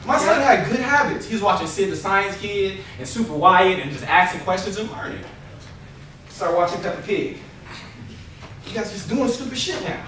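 A man from Los Angeles doing a stand-up comedy set, animated and blunt, laughing as he tells his stories. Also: high voice, normal speed, a little hiss or hum. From Los Angeles area. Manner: animated, laughs through lines, blunt and profane. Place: small late-night convention comedy room. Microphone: no microphone, heard from a distance. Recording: echoey room from far off with crowd. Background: live audience laughing and calling out.

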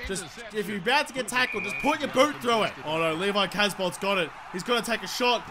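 A young Australian man giving excitable, sweary live commentary on a football video game, swinging between mutters and shouts. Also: high-pitched, a little fast, few pauses. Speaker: gaming commentator. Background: crowd noise from the game.

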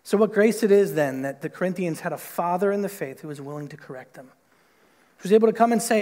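A man's voice: animated, quick pace, a little mellow. A man preaching a sermon as pastor, talking conversationally with many casual fillers and acting out quoted voices. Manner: conversational, lots of "like" and "right?"; acts out quoted voices with big pitch jumps. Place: church sanctuary. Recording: long hall reverb in a church.

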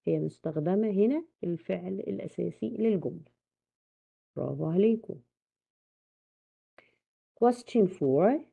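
An Egyptian woman teaches English in a recorded lecture, her voice carrying a gravelly fry as she quizzes her class. She slides between Arabic and English. The sound is thin and tinny, like it came over a phone line. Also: on the low side, lively intonation, fast talker, long pauses.

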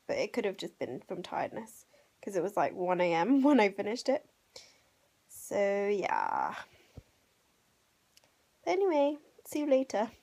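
A woman's voice: fairly high pitch, wildly swooping pitch, normal speed. A young woman chatting casually in a daily vlog, tired and a little out of breath, laughing often. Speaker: vlogger.

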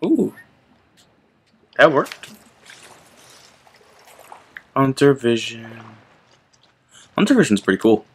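A young man hosting his gaming channel, chatting casually and reacting out loud to the game as he plays. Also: mid-range voice, sing-song, takes it slowly, pauses often, slightly rough. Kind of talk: casual gameplay commentary.

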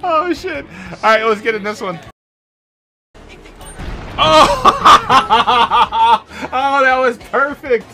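High, lively-voiced laughing streamer guy. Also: slow, faint music behind. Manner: laughs constantly, swears freely, excitable outbursts. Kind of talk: casual gameplay commentary.

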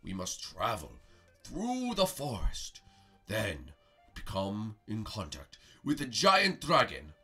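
A man's voice: lowish voice, wildly swooping pitch, takes it slowly, pushed and bright, slightly rough, faint music behind, voice pushed down, exaggerated voice. A man voicing a pompous old male mystic master who speaks in a grand, archaic way in a role-play comedy. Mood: solemn.

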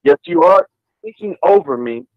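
Man with a high, animated voice, pressing his point in a heated debate over a dull remote line. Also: moderate pace, no room sound. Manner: insistent, repeats his point, protests being interrupted. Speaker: debate caller. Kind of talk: heated live online debate. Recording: dull dry call audio.

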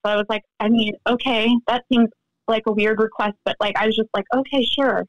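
A woman guest on a podcast interview, recounting events in an animated way and acting out the voices of others. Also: on the high side, fairly quick, no echo, highs cut off. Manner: animated storytelling, acts out quoted dialogue. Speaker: interview guest, friend of the deceased.

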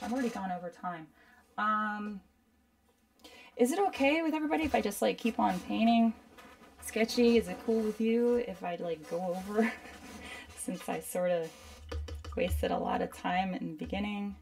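A woman's voice: medium pitch, vocal fry, a little mellow, recorded from a distance. A woman teaching a live painting demo at her desk, chatting and rambling to herself as she works. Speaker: art instructor.

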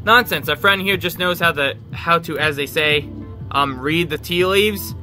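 A man voicing a confident, self-assured hotel regular in a video game, raising his pitch for the role. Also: a little slow, pushed and bright, faint music behind. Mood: smug.

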